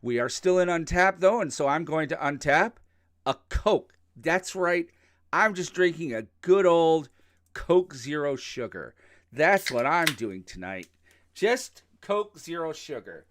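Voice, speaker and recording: A man's voice: on the high side, lively intonation, unhurried, fairly bright tone, dry recording. A man co-hosting a podcast in a casual, jokey, rambling way, laughing often. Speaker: podcast co-host. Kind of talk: casual chat.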